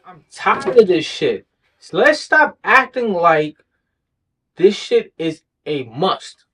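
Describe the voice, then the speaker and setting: A blunt podcast co-host venting his opinions in casual chat. His voice is husky and slightly high for a man. His pitch swoops all over as he gets animated. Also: slow, low-quality recording.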